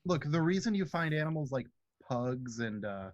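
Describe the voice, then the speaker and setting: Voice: mid-range voice, animated, normal speed, highs cut off. A player chatting playfully at a tabletop game, laughing often. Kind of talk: casual chat at a game table.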